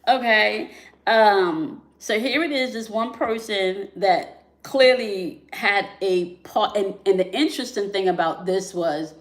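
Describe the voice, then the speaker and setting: A woman hosts a spiritual relationship channel, talking slowly and casually in a medium-pitched voice. She fills her speech with fillers and frequent "right?" and "okay?" check-ins, and the sound is reverberant.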